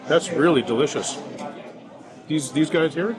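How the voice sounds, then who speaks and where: A man's voice: fairly high pitch, a little slow, music in the background. A man reviewing food in a casual vlog, enthusiastic and tasting as he talks, in a restaurant. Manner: enthusiastic, tasting while talking. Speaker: food vlogger. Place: indoor restaurant. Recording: busy restaurant chatter behind.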